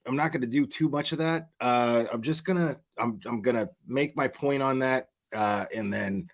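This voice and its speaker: A man's voice: medium pitch, moderate pace. A man hosting a livestream in casual chat, rambling and chatty, often restarting his sentences. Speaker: livestream host.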